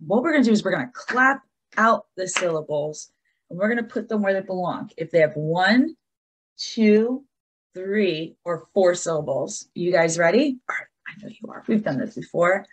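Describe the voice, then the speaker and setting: A woman teacher giving an encouraging lesson to young children, talking to them in an animated way. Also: on the low side, normal speed, slightly rough.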